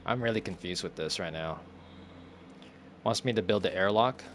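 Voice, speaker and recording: Young male streamer, low-pitched, talks to himself while playing, confused and cursing, faint hiss behind. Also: normal speed, fairly bright tone. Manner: muttering to himself, confused and swearing. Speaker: gameplay streamer. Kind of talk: casual gameplay commentary.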